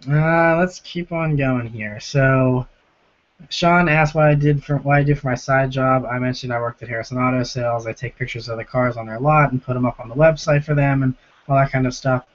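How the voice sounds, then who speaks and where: A hoarse young man with a sore, rough throat hosting a casual live-stream Q&A from home, chatting as he reads out and answers viewer comments. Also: medium pitch, fairly even intonation, a little fast. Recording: lo-fi stream audio.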